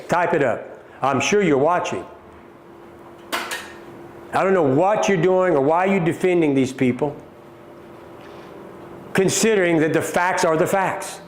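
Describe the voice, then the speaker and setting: A middle-aged man with a Southern American drawl hosts a livestream, firing back at viewer comments with emphatic, repeated points and calling his audience folks. His voice sits a little high for a man. The room around him rings with echo. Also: slight background noise. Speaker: company CEO hosting a livestream. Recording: echoey room.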